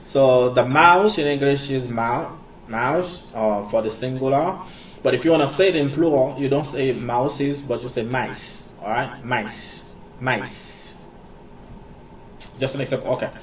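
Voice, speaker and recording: Slow, halting man teaching. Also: mid-range voice. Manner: halting, repeats words, many fillers. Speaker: English teacher. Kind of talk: casual teaching monologue. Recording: distant mic with faint background noise.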